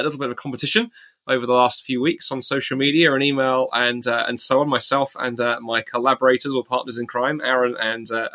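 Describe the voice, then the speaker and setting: A man's voice: mid-range voice, sharp tone. A man hosting a casual podcast chat, hesitant and full of fillers and restarts. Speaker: podcast host.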